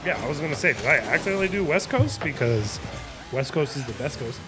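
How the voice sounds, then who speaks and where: A man's voice: a little high, animated, quick pace. A young man casting a live video game match with playful, jokey play-by-play over background music. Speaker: esports caster.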